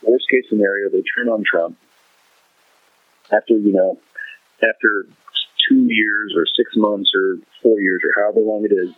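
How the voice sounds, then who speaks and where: A man's voice: fairly low pitch, very animated, normal speed, vocal fry, pauses often, no room sound. Exasperated man on a tinny line. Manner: exasperated, sarcastic, profane, mocking voices. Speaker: podcast co-host. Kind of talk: casual political chat.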